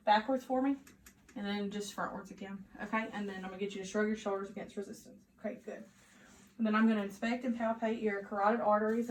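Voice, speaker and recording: A woman who is a nursing student, narrating a physical assessment step by step with steady, instructive directions. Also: mid-range voice. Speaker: nursing student performing an exam. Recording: echoey room with faint ambience.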